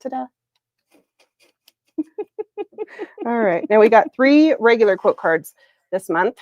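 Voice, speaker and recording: A woman's voice: a little high, expressive, slow pace, darkish tone, no room sound, muffled recording. A woman hosting a casual livestream product reveal, chatty and upbeat, laughing often. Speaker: planner shop owner hosting a livestream. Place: Arizona.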